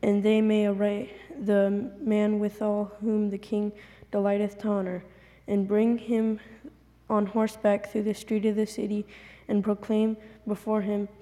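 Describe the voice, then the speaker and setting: A woman volunteer reading scripture aloud, halting and stumbling over the old words. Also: medium pitch, dark tone. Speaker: volunteer reader. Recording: long hall reverb.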